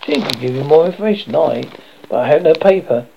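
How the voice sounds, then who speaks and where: Kindly old woman in a storybook reading, read by a man; gentle, gravelly. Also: fairly high pitch, expressive, a little fast, heavily acted. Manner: gentle, sympathetic. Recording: dull lo-fi recording.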